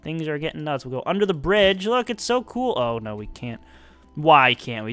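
Young male let's-player, slightly high voice, wry and chatty, faint music bed. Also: very animated, a little fast, fairly bright tone. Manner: playful, self-mocking, talks to himself while building. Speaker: let's-play gamer. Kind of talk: casual gameplay commentary.

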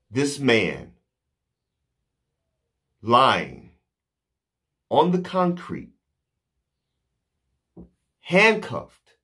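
Man, vlogger, impassioned indignant monologue, slow deliberate delivery, lively pitch. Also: breathy edge. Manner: slow, emphatic, indignant, with pauses.

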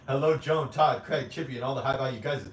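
Hosting a casual stream, a young adult man reads his viewers' comments and ribs them with profane humor and frequent laughs. He speaks at a moderate pace in a medium-pitched voice, far from the mic, in a room with echo and a faint background hum.

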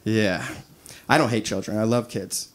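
A man in his thirties doing a stand-up comedy set, animated, acting out quoted voices and laughing at his own jokes. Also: on the low side, normal speed. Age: 30s. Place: live comedy venue with audience. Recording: live stage recording with audience noise.

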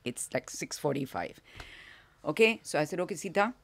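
An older woman with an Indian English accent tells a theatre story as an interview guest, animatedly acting out the voices and laughing often. Her voice sits low and creaky, at normal speed.

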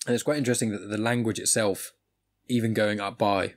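A man's voice: lowish voice, fairly even intonation, fairly quick. An English man hosting a podcast, chatting casually and rambling with frequent restarts. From England. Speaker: podcast host. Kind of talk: casual chat.

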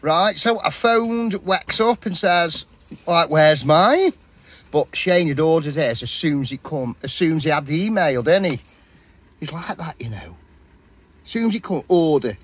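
A man's voice: fairly high pitch, animated, moderate pace, husky. A man chatting casually and matily while cooking outdoors at a campsite. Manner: chatty, matey, rambling. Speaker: vlogger.

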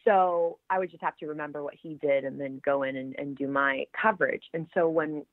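A woman, an actress being interviewed, chatting in a lively way and laughing often. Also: low-pitched, fairly quick, dry recording. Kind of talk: casual interview chat. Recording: tinny phone-like line, dry.

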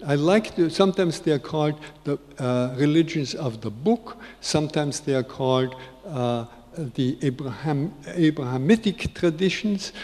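A man in his eighties gives an unhurried, reflective spiritual talk to an audience, repeating key phrases for emphasis. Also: a little high, darkish tone. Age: 80s. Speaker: spiritual speaker. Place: large conference hall. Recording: long reverb of a big hall.

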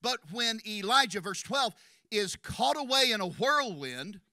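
A man preaching a sermon in a church, impassioned and building to shouts, racing through some phrases and slowing on others for emphasis. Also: high-pitched, expressive, no echo, studio quality. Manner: impassioned, rising to shouts at climaxes; rapid bursts of speech between slower emphatic phrases. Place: church sanctuary.

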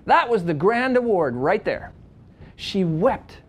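A male wedding photographer with a high voice teaches a seminar at a slow pace, telling stories in an animated, conversational way. His lively storytelling lecture has frequent restarts and big swings from quiet to loud.

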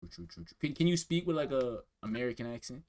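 A man hosting a vlog, chatting and teasing strangers on a video chat app in a quick, joking way that sometimes drops to a mumble. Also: medium pitch, vocal fry, very noisy.

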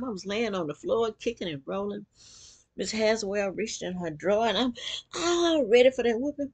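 A woman vlogger telling a personal story to camera, animated and acting out quotes. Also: mid-range voice, moderate pace, slightly rough.

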